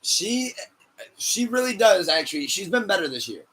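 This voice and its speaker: Excitable swearing podcast host man. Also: high-pitched, normal speed, husky. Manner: excitable, swearing, laughs often. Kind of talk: casual chat.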